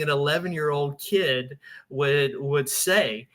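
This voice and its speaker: A man's voice: mid-range voice, measured pace, sharp tone. A man, hosting a paranormal show and telling a story in a loose, chatty way, often laughing and restarting his sentences. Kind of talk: casual storytelling to an audience.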